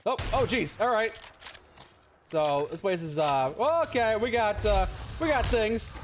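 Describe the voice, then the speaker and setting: A man's voice: sits high, lively intonation, noisy background. A man giving casual gameplay commentary, joking and swearing as he plays. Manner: joking, swearing, quick to laugh.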